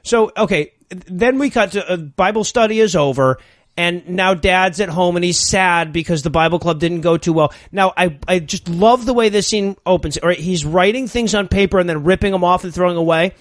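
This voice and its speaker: Male podcast co-host, higher voice, dry close sound, wry riffing on a bad film. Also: moderate pace, no room sound. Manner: wry, reads his notes aloud. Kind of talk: casual comedic movie riffing.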